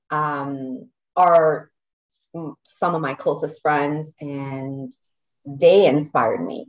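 Female podcast guest, deep voice, hesitant, heartfelt. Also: rough recording. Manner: emotional, hesitant, searching for words. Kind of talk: casual podcast interview.

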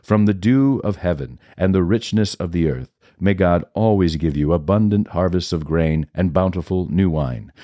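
A man voicing an old blind father who speaks in slow, solemn pronouncements. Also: deep voice, warm tone, no room sound, highs cut off, natural voice.

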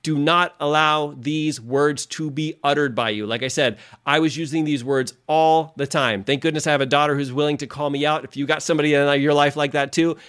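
A man's voice: a little high, fairly even intonation, fairly quick, hardly any pauses, a bit bright, clean tone. A man hosting a motivational podcast as a coach, talking straight to his listeners in an earnest, direct way.

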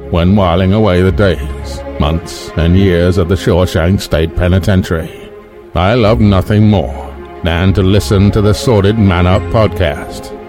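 A man voicing a calm, wise older male prison narrator in a podcast promo, speaking slowly and solemnly. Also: low voice. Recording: promo spot with loud music behind.

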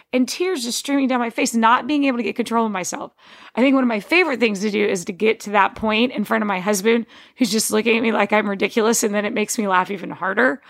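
Woman with a gravelly vocal fry. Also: mid-range voice, fairly bright tone. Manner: rambling, digressive, frequent restarts. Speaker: podcast host. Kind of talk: casual personal monologue.

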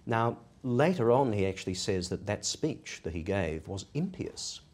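A man explaining ideas in a measured academic discussion, posing rhetorical questions as he goes. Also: lowish voice, very animated, darkish tone. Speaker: podcast discussant.

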